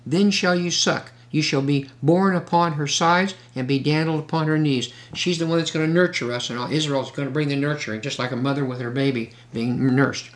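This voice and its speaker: A man preaching a sermon, reading scripture slowly and breaking in with questions and asides to his listeners. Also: a little high, fairly even intonation. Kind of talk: sermon, Bible teaching.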